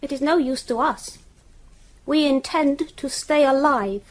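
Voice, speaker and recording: A woman voicing an icy, high-pitched uncanny child. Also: measured pace. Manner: flat, clipped, icily condescending. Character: cold, superior, unnerving child speaking for a group. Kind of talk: radio drama acting.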